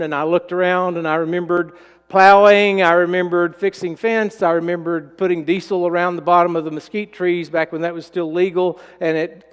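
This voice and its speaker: A middle-aged man with a drawl preaches a sermon, telling stories in a folksy way. His voice is high and smooth, and it drops to a hush when he is moved. The long reverb of a church sanctuary hangs behind every word. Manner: folksy, storytelling, drops to a hushed voice when emotional. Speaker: pastor.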